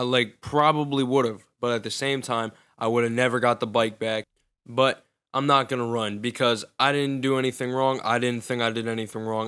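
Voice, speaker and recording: A man's voice: medium pitch, fairly bright tone, smooth. A young man casually telling a personal story in loose, profane, slangy talk.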